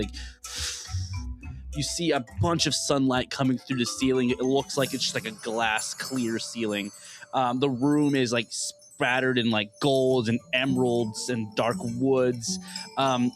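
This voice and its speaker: A man narrating a tabletop game as game master, casual and rambling with many fillers. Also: mid-range voice.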